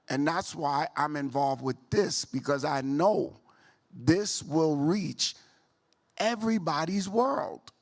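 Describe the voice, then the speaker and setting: A hip-hop artist from New York City telling stories on a panel in an animated way, repeating his phrases. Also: fairly high pitch. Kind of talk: panel talk with crowd banter.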